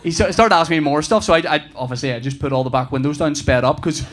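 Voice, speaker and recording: A man in his thirties doing a stand-up routine, telling stories with animated delivery, laughing and shouting at punchlines. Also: fairly high pitch, quick pace, a little hiss or hum. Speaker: stand-up comedian.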